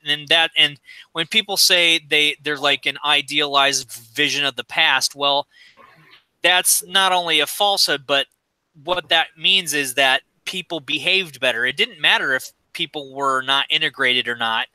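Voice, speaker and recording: Profane high-voiced man, bright and dry. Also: measured pace, smooth, dry recording, low-quality recording. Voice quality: high-pitched voice. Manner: profane, blunt, acts out quoted exchanges. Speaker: podcast co-host. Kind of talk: casual chat.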